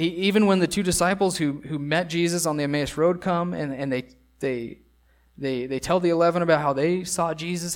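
Earnest preaching man, higher-pitched voice. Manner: earnest preaching with emphatic repetitions and rhetorical questions. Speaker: pastor. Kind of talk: sermon.

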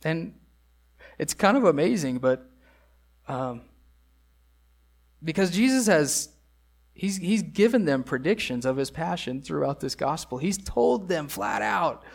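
Earnest preaching man, higher-pitched voice. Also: big pitch swings, unhurried, gravelly, long pauses. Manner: earnest preaching with emphatic repetitions and rhetorical questions. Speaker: pastor. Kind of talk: sermon.

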